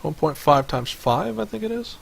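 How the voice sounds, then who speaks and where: A man's voice: on the high side, big pitch swings, moderate pace, vocal fry, a crowd in the background. A man running a tabletop game as game master over voice chat, rambling with many fillers. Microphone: headset or desk mic on voice chat.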